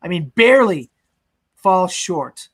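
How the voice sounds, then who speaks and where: A man's voice: high voice, very animated, takes it slowly, fairly bright tone, slightly rough. A young man co-hosting a casual podcast, retelling a movie's scenes with lots of fillers and acting out quotes. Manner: rambling recap with fillers, acts out quotes. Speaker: podcast co-host.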